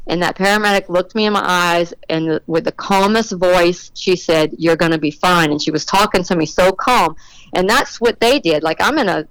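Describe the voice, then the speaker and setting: A middle-aged woman being interviewed on a podcast, telling an animated story about her racing and acting out the voices of the people in it. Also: lowish voice, clear, resonant tone, no room sound, poor audio. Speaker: drag racing motorcycle rider, guest.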